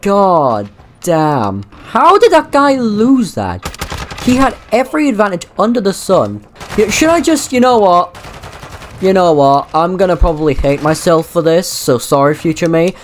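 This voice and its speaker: A man giving live gameplay commentary as a gaming YouTuber. He swings from low muttering to loud yelps, laughs often and swears freely. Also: very animated, measured pace, slight background noise.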